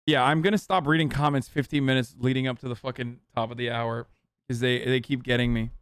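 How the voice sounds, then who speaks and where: A man's voice: medium pitch, steady tone, brisk, fairly bright tone, clean tone, no echo, clean studio sound. A man in his thirties streaming live, reacting with blunt, mocking, profane commentary.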